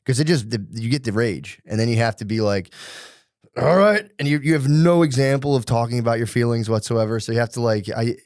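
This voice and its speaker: A man of middle pitch talks in loose, casual podcast banter. He curses constantly and slips into his own past inner voice to land a point. The sound is dry and close, with no room around it. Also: fast, few pauses, darkish tone, dry recording. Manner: crude, swears freely, voices his own inner thoughts. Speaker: podcast co-host.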